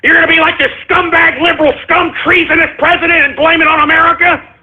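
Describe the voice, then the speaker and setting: A man's voice: extremely high pitch, flat delivery, fast, bright, forceful tone. A man hosting a talk radio show, delivering an angry, profane political rant. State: furious. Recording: tinny phone-like lo-fi radio audio.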